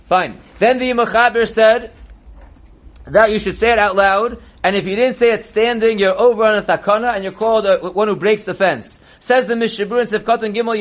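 A man teaching a text-based class as a rabbi, reading passages slowly and then explaining them in a plain tone. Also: sits high. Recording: dull lo-fi recording.

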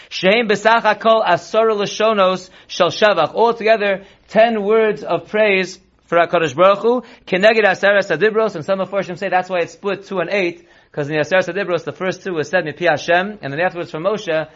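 A rabbi teaching a text-based Torah class, reading Hebrew and Aramaic slowly, then explaining it quickly in English. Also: male voice, sits high, fairly bright tone. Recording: dull lo-fi recording.

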